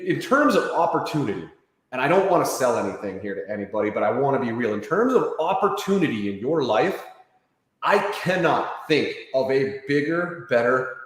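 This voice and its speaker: A man giving an interview, telling a fast, lively sales story and acting out the people he quotes. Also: mid-range voice. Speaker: interview guest. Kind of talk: enthusiastic sales pitch in an interview. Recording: very echoey room with long reverb.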